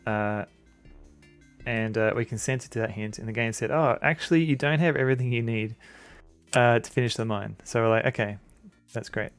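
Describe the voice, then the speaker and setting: A man's voice: medium pitch, normal speed, clean tone. Streamer guy chatting over a retro game, rambly and chuckly, faint game music. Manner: rambling, chuckling, greets chat. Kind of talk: casual game commentary.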